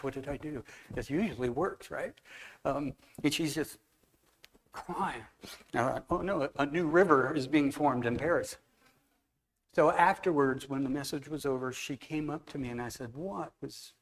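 A man preaching a relaxed, anecdotal sermon to a church congregation, telling stories and talking with people in the room. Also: mid-range voice. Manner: conversational, anecdotal, walks among the congregation. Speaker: guest preacher. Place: church hall.

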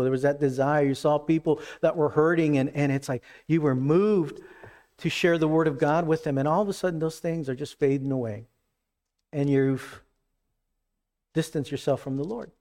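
A man preaching a sermon in an earnest, emphatic way, acting out quoted lines with shifts in pitch and pace. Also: a little mellow. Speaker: pastor.

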